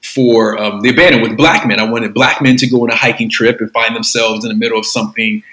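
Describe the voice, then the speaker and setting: Male creative guest: bright tone, loose rambling delivery, roomy echo. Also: mid-range voice, fairly even intonation, fast talker. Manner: rambling, with many fillers and restarts. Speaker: filmmaker guest. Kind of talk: casual interview talk.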